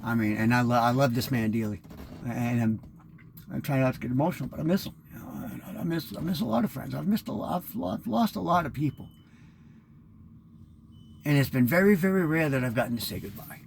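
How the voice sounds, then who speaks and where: A man's voice: medium pitch, brisk, gravelly, slight background noise. A man in his fifties rambling through a candid, profane personal monologue as host of his own show. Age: 50s.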